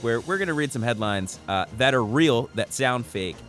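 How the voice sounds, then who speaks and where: A man's voice: medium pitch, animated, moderate pace, few pauses, fairly bright tone, faint music behind. A young man co-hosting a podcast, rambling and joking in casual chat and laughing often. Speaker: podcast co-host.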